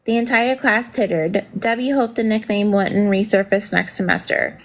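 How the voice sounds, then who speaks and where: A woman's voice: medium pitch, normal speed, rough recording. A woman reading a novel aloud during a casual stream, with brief asides and spelled-out words.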